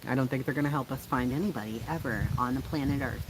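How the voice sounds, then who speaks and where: A blunt, foul-mouthed man hosts a casual livestream, chatting and answering viewer comments. His voice sits in an ordinary middle pitch and he laughs often. A steady hiss of background noise runs under the home stream audio. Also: quick pace. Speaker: livestream host.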